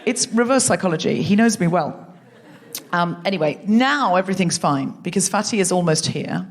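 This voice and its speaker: A woman's voice: lowish voice, expressive, normal speed. A woman hosting a live comedy podcast on a theatre stage, chatty and self-mocking, teasing the audience. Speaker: podcast host.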